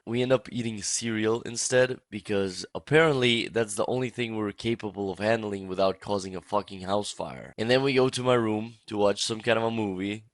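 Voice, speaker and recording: A young man narrates a comic storytime in a loose, casual way, swearing freely and piling on exaggeration. His voice sits fairly low. The recording is dry and close, with no room sound. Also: steady tone, a little fast, hardly any pauses, dry recording. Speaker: storytime YouTuber.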